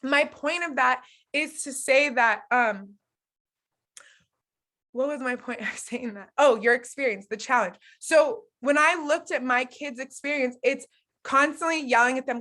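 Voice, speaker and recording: Candid mom in her thirties talking to her group online, highish bright voice, lots of ums. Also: a little slow. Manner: candid, emotional, speaks straight to her audience with many fillers. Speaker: online coach hosting a challenge. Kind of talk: casual live-stream teaching.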